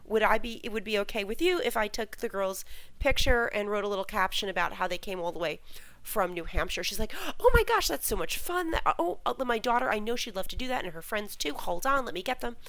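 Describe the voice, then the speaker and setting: A woman's voice: mid-range voice, fast, rough recording. A woman telling a story in casual podcast chat, acting out the voices of the people in it. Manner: animated, acts out quoted voices. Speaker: fan website host.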